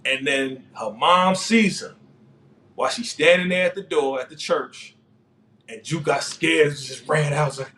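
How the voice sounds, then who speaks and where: A man hosting a casual live recap of a TV episode, excitable, laughing often and talking in heavy street slang. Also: fairly high pitch, a little slow. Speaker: TV show recap host.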